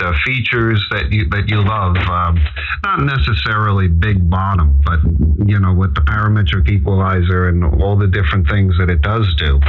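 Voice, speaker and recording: A man's voice: sits low, phone-quality sound. A man chatting easily as an amateur radio operator on the air, heard through a radio transmission. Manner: easygoing, chatty. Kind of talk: casual ham radio chat.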